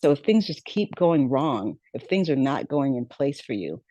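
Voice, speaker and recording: A woman's voice: very deep voice, big pitch swings, moderate pace, mellow, no echo, muffled recording. A middle-aged woman, a podcast guest, telling her life story in a conversational way with many fillers and acted-out quotes.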